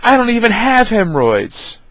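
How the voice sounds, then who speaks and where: A man voicing his exasperated uncle in a told family story, indignant and pitching up high. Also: very animated, normal speed, fairly bright tone.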